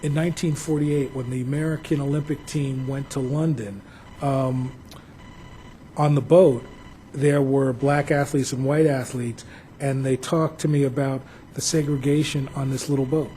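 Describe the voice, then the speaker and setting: A man's voice: mid-range voice, steady tone, normal speed, mellow, slight background noise, low-quality recording. A man from New Jersey, a museum director, giving a public talk full of anecdotal, reflective storytelling.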